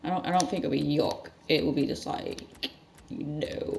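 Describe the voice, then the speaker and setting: A gaming channel host giving rambling let's-play commentary with sudden loud outbursts. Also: medium pitch, moderate pace, vocal fry, a little hiss or hum.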